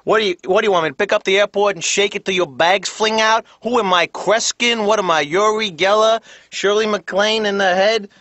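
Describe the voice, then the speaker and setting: Man doing snide New airport clerk, high and mocking. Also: a little fast, hardly any pauses, sharp tone, no room sound. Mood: sarcastic. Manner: sarcastic, mocking. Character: rude sarcastic airport counter clerk, man. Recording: slightly dull lo-fi TV audio.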